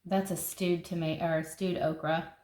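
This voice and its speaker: In an echoey room with a bit of faint noise, a woman pages through a seed catalog for her gardening vlog, chatting enthusiastically and musing aloud. Her lowish, darkish voice has a flat delivery and a slightly slow pace.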